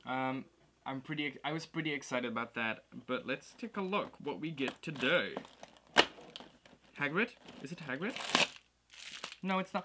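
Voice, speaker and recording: A man hosting a casual toy unboxing vlog, excitable and gushing, often breaking into laughter and exclamations. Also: mid-range voice, moderate pace, pauses often, slight background noise. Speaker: host of a toy unboxing series.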